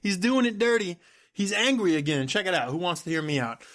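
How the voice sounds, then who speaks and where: A man hosting his own podcast, complaining in an exasperated, animated way with laughs and sudden outbursts. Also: high voice, fairly quick. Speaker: podcast host. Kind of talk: solo ranting podcast.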